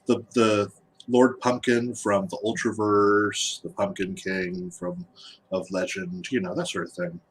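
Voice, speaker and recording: A man, an artist and guest, chatting casually while he draws, halting and repeating words as he goes. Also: on the low side. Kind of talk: casual chat while drawing.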